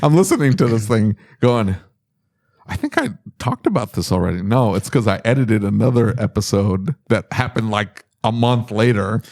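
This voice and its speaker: A man's voice: on the low side, sing-song, moderate pace, darkish tone, no room sound, studio quality. A man hosting a podcast, teasing his co-host and giving blunt, direct business advice. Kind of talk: casual podcast chat.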